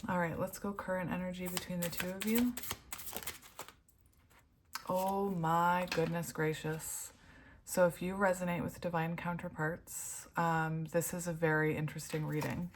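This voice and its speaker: A woman's voice: fairly low pitch, flat delivery, fairly quick, hardly any pauses, slight background noise. A woman giving a casual tarot reading at home, giggly and gushing, laughing often and turning emotional. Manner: emotional, heartfelt. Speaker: tarot reader.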